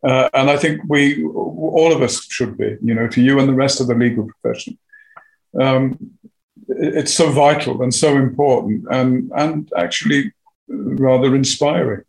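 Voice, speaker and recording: A man's voice: medium pitch, moderate pace, gravelly, darkish tone, poor audio. Older guy, actor on a podcast, chuckly, bit hesitant, self-deprecating. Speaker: guest, actor. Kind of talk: interview conversation.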